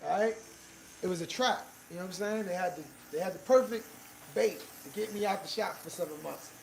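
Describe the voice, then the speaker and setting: Young male host, rapid high voice with a gravelly edge, casual barbershop banter. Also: slight background noise, low-quality recording. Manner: animated, acts out other people's lines while telling stories. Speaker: podcast host.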